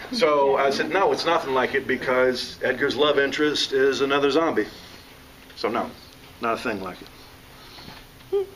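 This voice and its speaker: Speaking slowly and pausing often, a medium-pitched Southern man entertains a live audience with jokes and stories. He is an author and teacher and an animated, joking storyteller. Crowd noise fills the distant-mic recording, with the audience all around.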